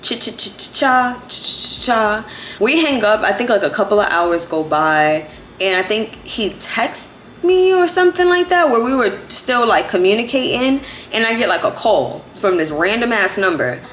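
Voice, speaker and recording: A young woman in her twenties tells a story in a chatty, animated way. Her voice swings widely up and down, and she sounds like she is in an echoey room. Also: medium pitch, normal speed, slight background noise. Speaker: vlogger. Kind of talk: casual storytime.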